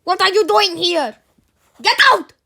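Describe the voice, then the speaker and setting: A woman's voice: extremely high pitch, unhurried, creaky, pushed and bright, voice pushed up, full character voice. A woman reading a storybook aloud, voicing a furious, shrieking male teacher with an Italian accent. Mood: angry. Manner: shrieking, panicky outbursts.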